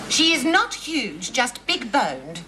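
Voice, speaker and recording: A woman's voice: a little high, sing-song, slow, pushed and bright, slight background noise, exaggerated voice. An actress playing a prim, genteel middle-aged mother who fusses as she talks. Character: fussy, prim middle-aged Australian mum. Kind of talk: sitcom acting.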